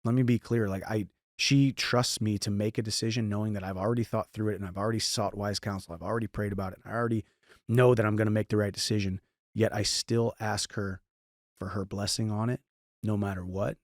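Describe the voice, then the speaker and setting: A man's voice: fairly low pitch, steady tone, a little fast, dry recording, studio quality. A man in his thirties from St. Louis, hosting a podcast and giving casual, earnest advice with frequent restarts. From St. Louis, Missouri. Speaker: podcast host answering listener questions.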